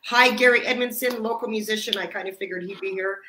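A woman hosts a live-streamed talk show and interviews her guest in a gushing, enthusiastic way. Her voice is bright and sharp. The sound is echoey, as if from a bare room. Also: medium pitch, steady tone, quick pace, a little hiss or hum. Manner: enthusiastic, effusive. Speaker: host.

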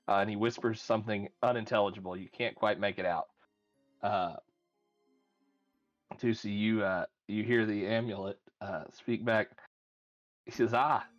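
A man's voice: fairly low pitch, dull audio. A man narrating as game master in a tabletop game, thinking aloud with many fillers.

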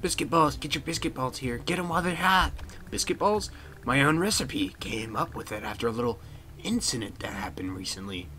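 A man voicing a gruff, shady male school janitor who talks in folksy, old-fashioned slang. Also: mid-range voice, animated, brisk, bright, forceful tone. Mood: salesy, shady.

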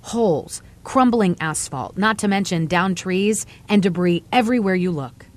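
A woman's voice: lowish voice, moderate pace. A woman news reporter giving scripted, earnest narration.

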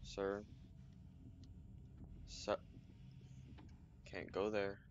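A young man swearing and joking through casual gameplay commentary, breaking into frustrated yelling. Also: on the low side, little pitch movement, very slow. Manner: profane, jokey, bursts into frustrated yelling. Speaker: gamer. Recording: dull lo-fi mic with faint noise.

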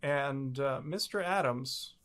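A man's voice: mid-range voice, slow, fairly bright tone. A man hosting a legal advice video, explaining a clip with candid, self-aware asides. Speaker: immigration lawyer, host.

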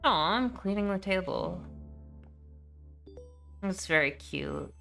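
A woman's voice: mid-range voice, expressive, slow pace, creaky, bright, forceful tone, soft background music. A woman streamer talking through a game in a chatty, candid way. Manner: chatty, candid, laughs easily. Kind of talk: casual let's-play commentary.

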